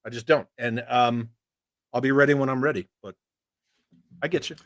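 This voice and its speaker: A man's voice: medium pitch, fairly even intonation, moderate pace, fairly bright tone, no room sound, clean studio sound. A man hosting a casual livestream chat, reading viewer messages aloud, frank and profane. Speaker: host.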